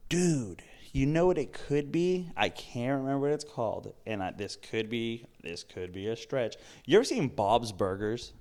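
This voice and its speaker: Young dude on a podcast, chill, swears a bunch, laughs a lot, just telling stories. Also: male voice, mid-range voice, expressive, moderate pace, few pauses, a little mellow. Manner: laid-back storyteller, swears a lot, laughs often. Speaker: podcast co-host. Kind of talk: casual chat.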